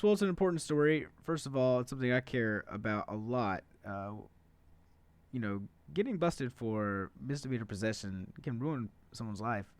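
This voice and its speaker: Smooth, dry-voiced casual podcast man. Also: medium pitch, dry recording. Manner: conversational and profane, many filler uhs. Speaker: podcast host. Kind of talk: casual political podcast monologue.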